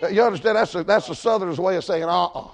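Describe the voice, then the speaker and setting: A high-voiced preacher from Georgia with a broad Southern US accent works through a homespun sermon. He talks in a folksy, emphatic way and keeps climbing into shouted points. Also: rapid-fire. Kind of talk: storytelling sermon.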